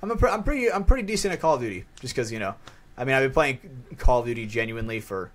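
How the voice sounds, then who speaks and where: A young man on a podcast call, talking casually in a rushed, excitable and profane way, stumbling over his words. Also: medium pitch. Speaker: podcast co-host. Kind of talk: casual chat. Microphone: online voice call.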